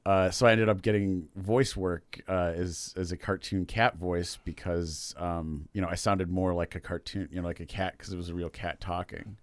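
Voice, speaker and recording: A man's voice: deep voice, fairly even intonation, moderate pace, hardly any pauses, dry recording, natural voice. A man telling of a rambling talking tomcat. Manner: rambling, full of fillers. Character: weary male talking cat, chatty.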